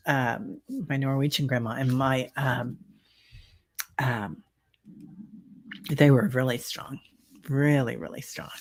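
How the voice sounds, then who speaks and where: A middle-aged woman hosts a tarot and mediumship livestream. She talks at an unhurried, slow pace and rambles through family stories full of filler words. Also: extremely low pitch. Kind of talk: casual livestream chat with viewers.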